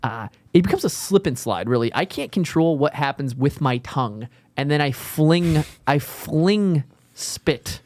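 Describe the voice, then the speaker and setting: Brief: male comedy podcast co-host, casual rambling chat, swears a lot, slightly higher voice. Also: lively intonation, unhurried, darkish tone, no room sound. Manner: rambling, profane storytelling with restarts.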